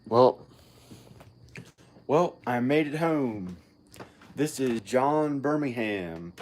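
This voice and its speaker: A man's voice: medium pitch, expressive, extremely slow, darkish tone, a little hiss or hum. A man vlogging at home, rambling and musing aloud to himself in a casual monologue. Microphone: filming himself on camera.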